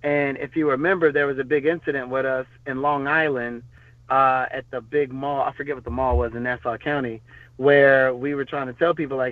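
A man's voice: mid-range voice, fairly even intonation, fairly quick, no room sound. A man tells long, rambling stories as a podcast guest, full of fillers and restarts. His voice sits in the middle register and comes through a tinny, phone-like line with no room sound. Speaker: podcast guest, former bodyguard. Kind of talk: casual storytelling interview.

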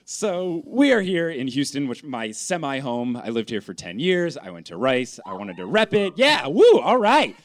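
A man in his thirties co-hosting a live podcast on stage, quick and joking. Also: mid-range voice, sing-song. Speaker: podcast co-host.

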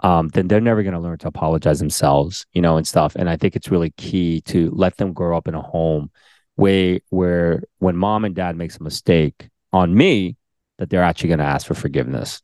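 Male co-host, deep low voice, easygoing and earnest, quick to laugh. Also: no room sound, studio quality. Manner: relaxed, laughs easily, gives earnest advice. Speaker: podcast co-host. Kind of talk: casual chat.

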